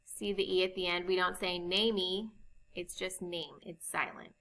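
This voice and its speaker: Bright-voiced woman teaching phonics slowly. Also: on the low side, completely flat delivery, rough recording. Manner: slow, clear, patient explaining of spelling rules. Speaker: reading teacher. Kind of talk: recorded phonics lesson.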